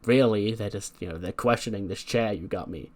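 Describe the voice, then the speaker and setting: A man's voice: lowish voice, brisk, a little mellow, natural voice. A man voicing a confused, defensive female wrestler who stammers and repeats words.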